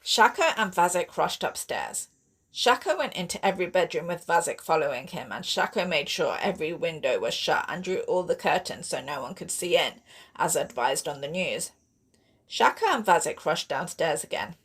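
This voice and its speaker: Reading aloud from the sci-fi horror novel she wrote, this woman gives a steady, expressive audiobook performance. Her voice is husky and fairly low-pitched, with a moderate pace.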